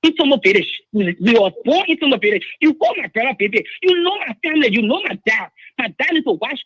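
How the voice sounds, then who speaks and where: A woman's voice: high-pitched, very animated, fast, fairly bright tone, husky, no room sound. A woman with a Liberian English accent, calling in to a show, speaking urgently and insistently and repeating herself. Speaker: caller. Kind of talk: emotional phone-in account. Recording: dull phone line.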